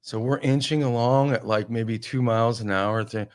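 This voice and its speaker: A man telling a casual, animated comic story on a talk show, full of exasperation. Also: medium pitch, moderate pace.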